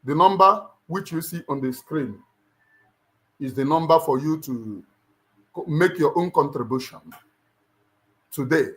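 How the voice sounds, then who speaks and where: A middle-aged man with a Nigerian accent addresses his livestream viewers in a fervent, sermon-like style. He repeats phrases for emphasis and presses each point home. His speaking voice sits somewhat high for a man. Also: a little slow, long pauses. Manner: emphatic, repeats lines like a preacher. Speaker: livestream host.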